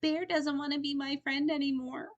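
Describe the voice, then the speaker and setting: A woman voicing a young boy turtle in a children's storybook reading, talking high and excited, then pleading. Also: moderate pace, lo-fi sound, lightly acted. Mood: sad.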